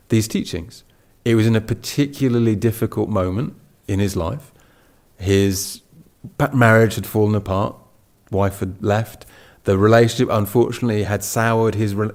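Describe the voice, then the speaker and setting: A man giving a relaxed Buddhist talk, telling a story with many restarts. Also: fairly low pitch. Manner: storytelling with restarts and acted quotes. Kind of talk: casual spoken dharma talk.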